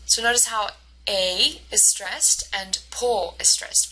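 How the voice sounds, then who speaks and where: A woman instructor giving a recorded lecture over slides, explaining patiently and slowing down to model the stressed words. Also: medium pitch, sharp tone, slightly rough, poor audio. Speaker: university instructor.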